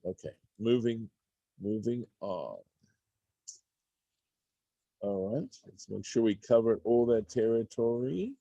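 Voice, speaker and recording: A man teaching a Torah study class, thinking aloud with halting restarts as he reads Hebrew text and translates it into English. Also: mid-range voice, animated, creaky, warm tone, no room sound, dull audio.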